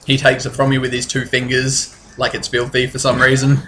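A man's voice: mid-range voice, completely flat delivery, a little fast, fairly bright tone, slight background noise. A man narrating as game master in a tabletop game, rambling and restarting his sentences. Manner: rambling, restarts often, laughs easily.

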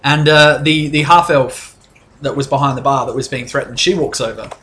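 A man's voice: medium pitch, steady tone, moderate pace, a bit bright. A young man narrating as game master of a tabletop game, rambling and casual with many fillers.

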